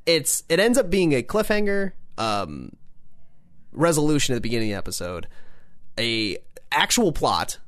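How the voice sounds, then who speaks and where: A man's voice: fairly high pitch, very animated, moderate pace, fairly bright tone, dry recording, clean studio sound. A man hosting a podcast, chatting casually and animatedly, with lots of restarts and playful little voices. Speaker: podcast host. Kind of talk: casual chat.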